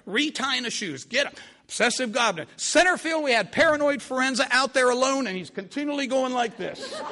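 Animated older man telling a story. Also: very high-pitched. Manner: animated, vivid, repetitive. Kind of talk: spoken storytelling.

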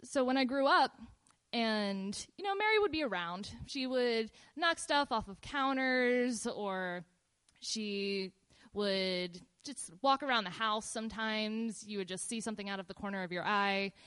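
A woman casually telling a personal story in a relaxed, meandering way, with fillers and pauses. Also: a little high, smooth.

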